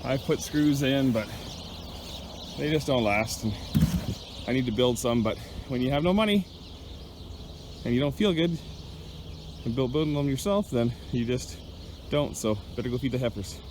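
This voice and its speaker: A man's voice: medium pitch, moderate pace, long pauses. A man, a rancher chatting casually while doing chores, a little out of breath. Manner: chatty, rambling, talks to his dog. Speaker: cattle rancher. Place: outdoors on a snowy ranch. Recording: outdoor noise with animals. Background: cattle, birds and outdoor noise.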